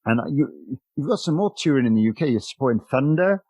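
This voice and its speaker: A man hosting a podcast, asking questions in a halting way with frequent "um" and repeated words. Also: medium pitch, animated, dark tone, dry recording. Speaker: podcast host. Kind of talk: casual interview chat.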